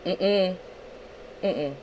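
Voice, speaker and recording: A woman's voice: lowish voice, extremely slow, a little mellow, muffled recording, a little hiss or hum. A young woman on a livestream, angrily ranting at another streamer, swearing heavily and talking confrontationally. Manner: angry, profane, confrontational. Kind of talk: angry livestream rant.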